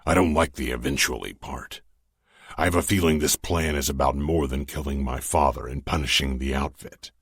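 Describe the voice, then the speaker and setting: A man's voice: a bass voice, fairly even intonation, normal speed, a bit bright, slightly rough, no room sound, exaggerated voice. A man voicing a weary, sarcastic young enforcer, dry and resigned in tone. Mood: wry.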